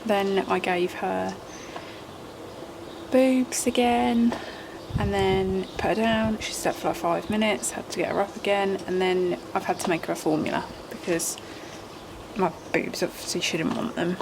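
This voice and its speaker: A woman's voice: mid-range voice, fairly even intonation, measured pace, gravelly. A young English woman, a first-time mum, chatting casually to camera at home, rambling and sometimes whispering. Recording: noisy home recording.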